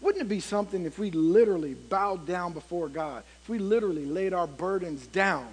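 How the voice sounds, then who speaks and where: A man with a high voice preaches a sermon as pastor. He tells stories with many fillers and builds to emphatic peaks, and the sound rings with the long reverb of a church hall. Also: lively intonation, fairly quick, slightly rough. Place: church sanctuary.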